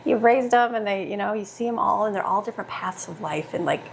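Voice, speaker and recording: A woman's voice: mid-range voice, quick pace, creaky, a little hiss or hum. A middle-aged woman chatting and rambling while cooking at home, laughing often, on a clip-on mic. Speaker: homemaker vlogger. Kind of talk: casual chat while cooking. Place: home kitchen. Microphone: clip-on mic on shirt.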